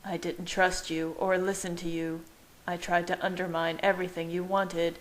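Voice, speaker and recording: A woman voicing a brooding, devoted young husband who speaks in a hushed, choked, apologetic way in her own low voice. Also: flat delivery, normal speed, lightly acted. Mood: remorseful.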